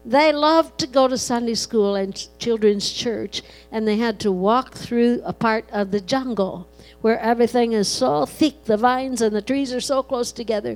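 A woman's voice: on the high side, normal speed, faint music behind, rough recording. A woman preaching a sermon, telling a story with dramatic swells and leading a prayer. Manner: dramatic storyteller, builds to loud emphatic peaks.

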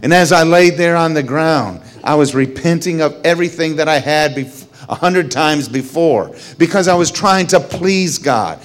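Middle-aged man, testimony storyteller, lively pitch, rises when excited, hushes when solemn. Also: moderate pace, few pauses. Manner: animated storyteller, voice rises high when excited, drops low and quiet when solemn. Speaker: speaker sharing a personal testimony.

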